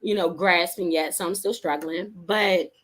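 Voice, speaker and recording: With a fairly low pitch and a measured pace, a female author tells her story during an interview. She's casual and expressive, laughing often and putting on voices for the people she quotes.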